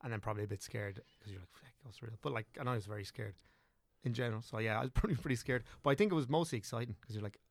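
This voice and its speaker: Brief: young Irish man, podcast guest, gravelly voice, dry close mic, loose rambling talker. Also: medium pitch, racing, no echo. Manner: rambling, self-correcting, chatty. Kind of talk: casual podcast chat.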